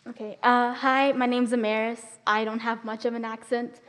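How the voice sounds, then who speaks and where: A young woman with a stutter, reading scripture aloud softly and carefully in church, correcting herself now and then. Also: fairly high pitch, flat delivery, moderate pace. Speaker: scripture reader.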